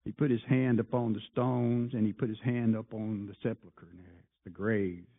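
Impassioned preacher, tinny phone-like sound. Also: male voice, fairly low pitch, steady tone, moderate pace, creaky. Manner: impassioned, rhetorical questions, swings from loud to hushed. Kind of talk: sermon.

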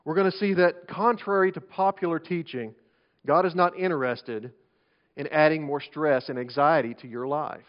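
A pastor delivers his sermon in a conversational way, restarting phrases as he goes. His voice sits a little high, and he swings between loud emphasis and quiet asides. The recording is dull and lo-fi. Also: steady tone, moderate pace.

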